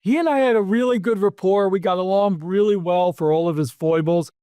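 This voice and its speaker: Animated storytelling man, dry close sound. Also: high voice, fairly quick, clean tone, dry recording. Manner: animated anecdotes, acts out quotes. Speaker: podcast host, PR executive. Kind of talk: casual storytelling interview.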